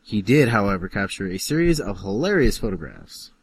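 A low-pitched man reads an article aloud for a casual podcast, his pitch swinging a lot from phrase to phrase. He drops dry asides and short laughs between sentences. Faint ambience sits under the voice. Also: big pitch swings, fairly quick, slight background noise. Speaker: podcast co-host reading an article. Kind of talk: casual chat, reading aloud.

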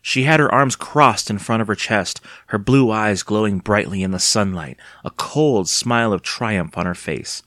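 A man narrating an audiobook in an expressive, dramatic storytelling manner. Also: deep voice, moderate pace, hardly any pauses, no room sound, studio quality. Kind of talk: audiobook reading.

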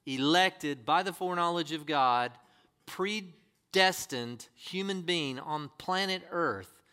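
A man's voice: fairly high pitch, bright, forceful tone, clear, resonant tone. A man preaching a sermon as pastor, reading scripture and pressing the congregation with emphatic rhetorical questions.

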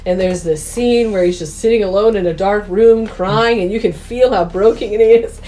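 A woman's voice: medium pitch, normal speed, warm tone, slight background noise. A woman co-hosting a podcast, casually retelling a film's plot and acting out the characters' lines with laughter. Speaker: podcast co-host. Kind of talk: casual movie recap chat.

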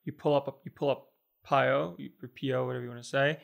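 A man's voice: medium pitch, fairly even intonation, fast, creaky, dull audio. A man co-hosting a casual talk show, rambling and thinking aloud with many fillers. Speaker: podcast co-host. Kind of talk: casual chat.

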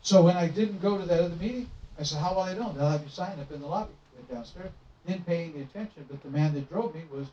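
A middle-aged traveling minister, quick-paced and high-voiced, uses animated storytelling in his sermon, acting out what each person says. Recorded in a church sanctuary, the clip sounds far away and roomy, muffled with noise.

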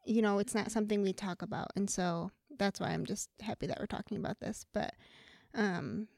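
A woman's voice: mid-range voice, fairly even intonation, a little fast, gravelly, a little mellow, no echo, studio quality. A young woman co-hosting a casual faith discussion, talking in an earnest, chatty way with plenty of casual fillers. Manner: earnest, chatty, lots of "like" and "you know". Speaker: co-host.

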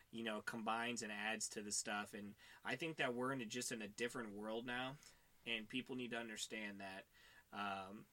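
A man's voice: mid-range voice, bright, forceful tone. A man co-hosting a podcast, rambling in casual chat with lots of fillers and swearing. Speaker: podcast co-host.

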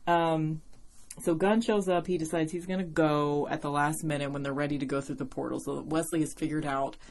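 A woman's voice: low-pitched, fairly even intonation, a little fast, darkish tone. A woman hosting a podcast in a casual, rambling chat, laughing often and swearing now and then. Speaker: podcast host.

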